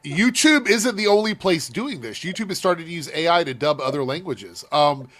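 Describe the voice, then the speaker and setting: A man's voice: on the high side, expressive, moderate pace, a bit bright. Profane casual man hosting a stream. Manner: loose and profane, laughing. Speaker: host. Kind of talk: casual chat.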